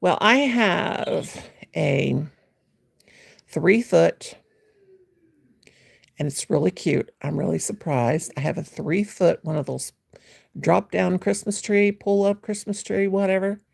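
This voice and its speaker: A woman's voice: lowish voice, slow pace, gravelly, long pauses, husky, no room sound, studio quality. A woman hosting a late-night home livestream, chatting in a rambling, playful way and greeting viewers by name. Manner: teasing, playful, mimics a gushing voice. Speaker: livestream host. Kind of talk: casual livestream chat.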